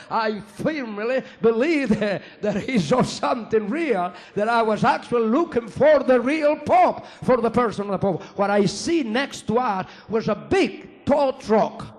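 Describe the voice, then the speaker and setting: A man with a fairly high voice gives a spoken testimony to an audience. He talks in halting English, learned as an adult, and circles back to repeat his phrases with earnest weight. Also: lively intonation. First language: Spanish. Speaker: former priest giving testimony.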